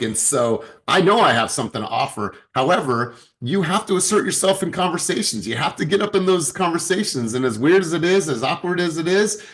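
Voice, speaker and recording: A man's voice: mid-range voice, a bit bright. A man, a sales director and coach, giving an emphatic motivational talk to his team and repeating words as he starts sentences.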